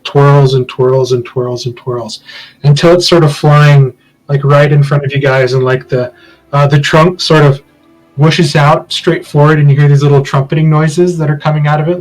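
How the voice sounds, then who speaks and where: A man's voice: on the high side, rough recording. A man running a tabletop game as game master, describing scenes in a loose, hedging way full of fillers.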